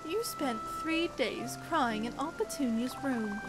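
A woman voicing a quiet young doe, confiding in a friend in a soft tone. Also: high voice, animated, unhurried, over loud music. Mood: reflective.

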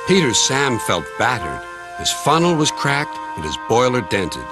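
A man's voice: medium pitch, music in the background. Man narrating a children's storybook. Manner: measured, gently expressive. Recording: constant noise behind.

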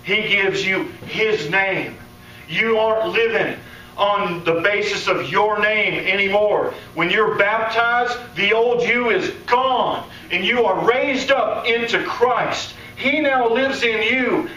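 Man preacher, animated sermon, bright high voice, echoey hall, picked up from a distance. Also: takes it slowly. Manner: animated, acts out quoted voices, laughs. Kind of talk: conference sermon. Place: conference hall. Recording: echoey hall, distant mic, faint room noise.

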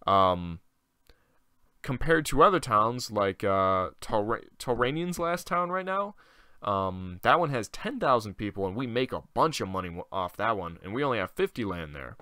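Young man, let's-play commentary, animated pitch, dry close sound, rambling and swearing. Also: unhurried, smooth, no room sound. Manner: rambling, loose and profane, thinking aloud. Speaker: gaming channel host.

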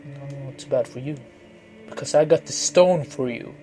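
A man's voice: medium pitch, moderate pace. A man casually commenting while playing a video game, rambling and mumbling asides with crude jokes. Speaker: gamer. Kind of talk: casual let's play commentary. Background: video game music.

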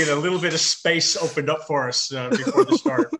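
A man in his fifties, a marathon swimmer interviewed over a video call, talking with halting restarts and dry understated humor. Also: a little high, very animated, a crowd in the background. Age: 50s. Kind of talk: casual interview chat.

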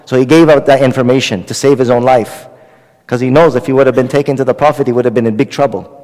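A man's voice: mid-range voice, steady tone, quick pace, a little mellow, long reverb tail, low-quality recording. A man preaching a Ramadan night sermon, retelling a story with dialogue. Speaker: Islamic preacher.

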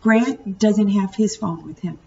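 A woman's voice: mid-range voice, measured pace, creaky, mellow. A woman voicing a plain-spoken older grandmother, matter-of-fact. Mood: calm. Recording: distant muffled home recording, faint hiss.

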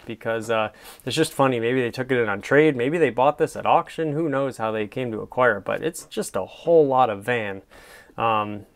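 A man's voice: medium pitch, smooth. A man reviewing a car from photos in casual commentary, gushing and enthusiastic, wandering with many fillers.

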